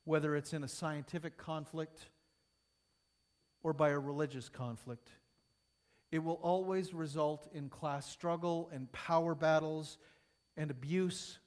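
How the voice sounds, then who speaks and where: A man preaching a sermon to his congregation, rising to emphatic peaks and falling soft, then leading a prayer. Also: on the high side, steady tone, unhurried. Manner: emphatic, building and falling in intensity.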